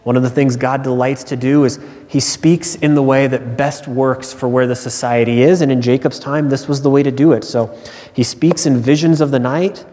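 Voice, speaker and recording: A man's voice: medium pitch, steady tone, moderate pace, dark tone. A male pastor preaching a sermon in earnest, stressing key phrases by repeating them. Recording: long hall reverb.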